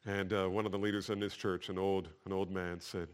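A man's voice: deep voice, flat delivery, fairly quick, clean tone. Man, pastor, sermon, fervent scripture reading, casual asides. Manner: reads scripture aloud with rising fervor, then drops to a conversational aside.

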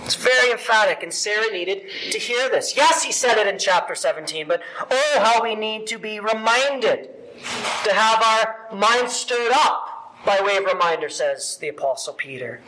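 High-voiced man preaching emphatically, noisy recording. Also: normal speed. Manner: emphatic, animated preaching with dramatic swings in loudness. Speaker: pastor. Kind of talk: sermon.

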